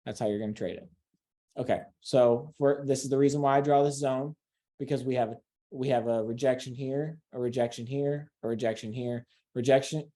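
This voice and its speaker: A man's voice: mid-range voice, dark tone. Casual man teaching a trading lesson. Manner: conversational and repetitive, addresses viewers directly. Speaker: trading instructor.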